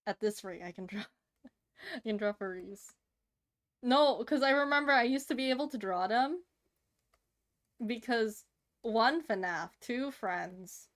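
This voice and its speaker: Woman in her 30s on stream, kinda high voice, lots of giggling, gets all squealy over cute stuff. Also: lively intonation, slow, long pauses. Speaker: livestreamer. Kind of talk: casual stream chatter while drawing.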